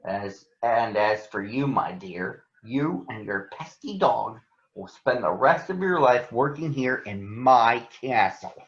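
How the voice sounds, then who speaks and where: Man voicing a cruel old storybook witch, gloating, drawn-out, roomy dull sound. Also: medium pitch, lively intonation, a bit bright.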